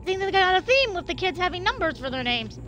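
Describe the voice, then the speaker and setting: Live-commentating her gameplay, this young female streamer chats with the characters and swears when frustrated. Her very high voice is sing-song, quick and fairly bright, with a noisy background.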